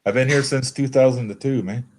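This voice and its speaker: A man's voice: mid-range voice, fairly quick, a little mellow. A middle-aged man from Canada with a Canadian accent, telling recovery stories in a casual, earnest, folksy way. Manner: earnest, folksy, quotes people in raised voices. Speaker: recovery meeting guest. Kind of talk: casual storytelling.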